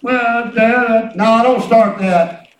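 Male preacher, folksy storytelling, shouts of praise, echoey church. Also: very high-pitched, slow pace. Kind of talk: sermon with testimony. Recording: echoey room, distant mic.

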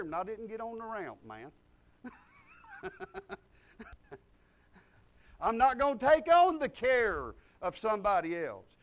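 An older man preaching a sermon, folksy and exuberant, breaking into loud outbursts. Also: very high voice. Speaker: pastor.

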